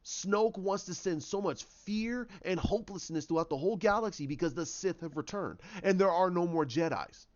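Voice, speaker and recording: A man retelling a story idea in casual talk, animated and full of restarts and sound effects as he acts out the scenes. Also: sits high, normal speed, few pauses, lo-fi sound. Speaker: channel host.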